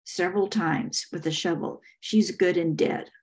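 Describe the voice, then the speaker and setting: A woman's voice: lowish voice, fairly even intonation, a little slow, close to an everyday voice. A woman voicing a frightened, simple-minded male henchman who pleads in a tearful, quivering voice. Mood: nervous.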